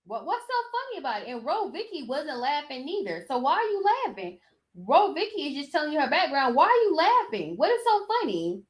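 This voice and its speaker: Sassy woman podcaster, voice sits a bit high, talks back at clips. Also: big pitch swings, brisk. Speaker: podcast host. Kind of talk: casual commentary.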